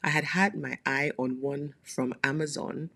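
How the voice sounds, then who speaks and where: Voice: mid-range voice, fairly even intonation, measured pace, vocal fry, bright, forceful tone. A podcast host talking casually in a solo monologue, chatty and playful, with frequent laughing asides.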